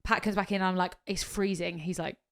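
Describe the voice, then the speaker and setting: A woman co-hosting a podcast in casual chat, telling a story with lively energy, swearing freely and acting out what people said. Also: on the low side, very fast, smooth. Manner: animated storyteller, swears freely, acts out quotes. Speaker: podcast co-host.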